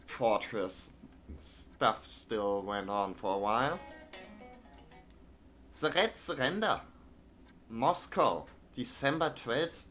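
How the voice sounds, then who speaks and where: A man's voice: lowish voice, a bit bright. A man in the middle of a stream, reading printed game text aloud in a plain voice and then musing about it. His asides wander and stall on fillers and restarts, and his comments come out dry and wry, with a light hiss behind him. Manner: hesitant, filler-heavy asides between readings.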